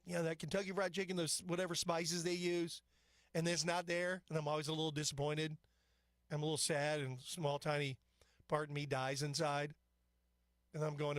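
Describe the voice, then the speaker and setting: A male talk-radio host rambles through the news and his own asides with an opinionated, chatty delivery. His voice sits a little high for a man. It is recorded dry and close in a studio. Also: a bit bright, no echo. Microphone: studio microphone.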